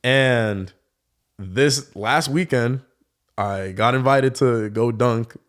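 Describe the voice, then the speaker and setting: Drawing out his words in a medium-pitched voice, a young professional dunker guests on a laid-back podcast. His storytelling is relaxed and loose, packed with fillers such as "like."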